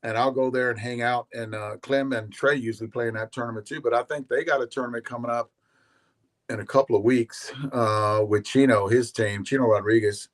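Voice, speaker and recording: A man's voice: mid-range voice, steady tone, brisk. A man in casual chat as a regular guest on a live show. He rambles in a laid-back way, swears casually and often repeats his words.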